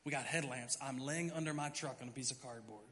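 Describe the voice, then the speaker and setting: Male pastor, middle-aged, animated sermon storytelling, bright forceful voice, long church reverb. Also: medium pitch, a little fast, slight background noise. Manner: animated storyteller, acts out his own panicked thoughts. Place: church sanctuary.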